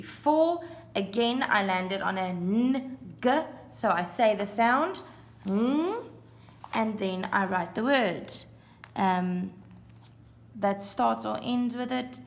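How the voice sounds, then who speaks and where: Woman, primary teacher, very slow and deliberate, phonics lesson for young learners. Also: medium pitch. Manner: slow, clear, sounding out letters and counting aloud.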